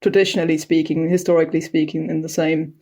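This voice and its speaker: A woman historian, guesting on a podcast, explains history thoughtfully and fluently in conversation, frequently saying "you know." Her low voice is flat, fast, a little mellow, and slightly rough.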